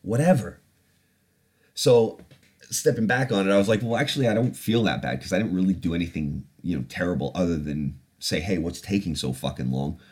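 A podcast host with a deep, husky, slightly mellow voice speaks fairly quickly. He tells a personal story in casual fashion, candid, profane, and reflective.

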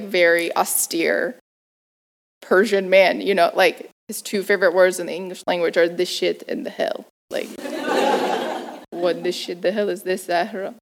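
A woman telling a personal story in an interview, animated, laughing often and using lots of fillers. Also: mid-range voice. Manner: acts out family members' voices. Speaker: guest performer.

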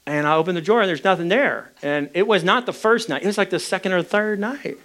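A pastor preaching a sermon, telling a personal story in a candid, conversational way. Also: male voice, sits high, fast talker, a bit bright.

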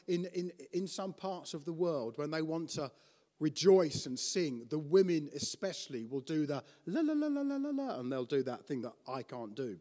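Male preacher, high-pitched, animated teaching sermon, frequent restarts, long hall reverb.

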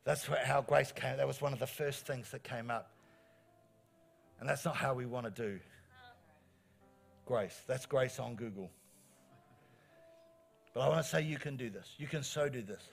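A middle-aged man, preaching a sermon as pastor in an animated, encouraging way, repeating phrases for emphasis. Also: mid-range voice, normal speed, gravelly, long pauses, soft background music. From New Zealand.

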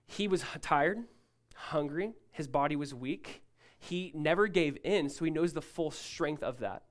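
A male pastor preaching a sermon, emphatic and rising loud, then dropping to a hushed tone, often asking listeners to follow along. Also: fairly high pitch, a little slow. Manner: asks the congregation to follow along.

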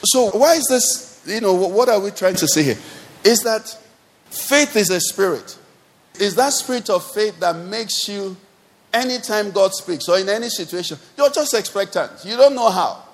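A man's voice: high voice, animated, moderate pace. A man with a Nigerian accent preaching a sermon as pastor, building up with repeated refrains. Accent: Nigerian English. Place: church service.

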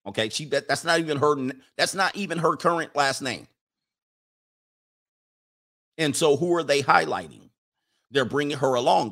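A man's voice: medium pitch, a bit bright. A man hosting a live stream, casually commenting, joking and rambling as he reads viewer messages. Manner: rambling, joking, talks back to himself. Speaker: live-stream host reading viewer chats.

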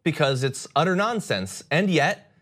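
A man's voice: on the high side, sing-song, unhurried, a bit bright. A man hosting a podcast segment, introducing a clip and commenting in a dry, sarcastic way.

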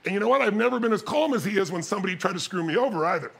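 Man, motivational speaker, high voice, husky, lively shouting storyteller. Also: very fast. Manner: animated storytelling, shouting and mimicking others. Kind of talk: live seminar talk.

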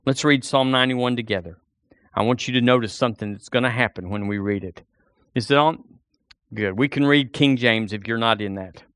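Male pastor preaching a lively sermon in church, dry close sound. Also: mid-range voice, brisk, smooth, dry recording. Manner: animated preaching, acts out a doubter's inner voice.

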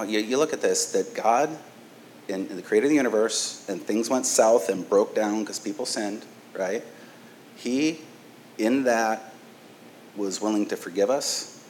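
A man's voice: on the low side, a little mellow, a little hiss or hum, rough recording. A man preaching a conversational sermon as pastor, talking casually, stumbling over restarts and often checking in with "right?".

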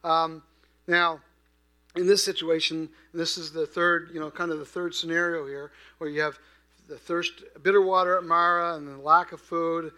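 A man preaching a sermon in a conversational way, asking his listeners questions and swinging from quiet to loud. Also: on the high side, little pitch movement, normal speed. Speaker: pastor.

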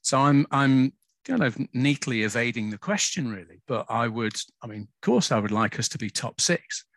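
A man's voice: medium pitch, expressive, normal speed, fairly bright tone, no room sound. A man, a podcast guest talking hesitantly in casual chat with many restarts. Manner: hesitant, self-aware, restarts often.

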